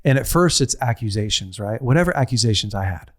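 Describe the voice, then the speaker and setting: A middle-aged man giving a heartfelt teaching talk, telling a personal story with repetition, restarts and a pace that swings from slow to rushed. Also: mid-range voice, animated. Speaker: speaker on a men's ministry show.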